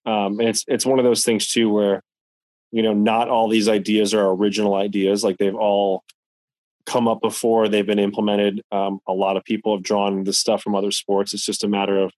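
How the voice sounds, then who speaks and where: Low-voiced man in relaxed chat. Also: normal speed, dry recording, rough recording. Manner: rambling, repeats words while thinking. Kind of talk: casual chat.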